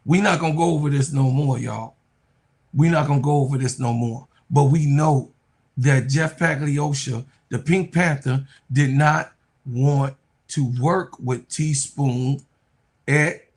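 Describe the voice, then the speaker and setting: Sick-sounding man on a sports stream. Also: medium pitch. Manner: animated, loud outbursts and drawn-out joking. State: sick, under the weather. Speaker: sports talk show host. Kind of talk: casual live-stream sports chat reading comments.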